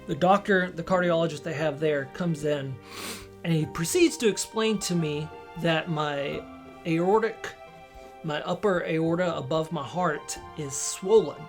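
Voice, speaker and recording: Man haltingly telling a personal story. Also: a little high. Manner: halting, with many restarts and quoted dialogue. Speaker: storyteller recounting a personal experience.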